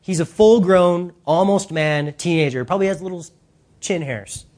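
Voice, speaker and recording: An emphatic preacher gives a lively sermon, speaking straight to the congregation. The delivery is animated and insistent, with bursts of speed and sudden emphasis. The voice sits in a middle pitch range. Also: normal speed.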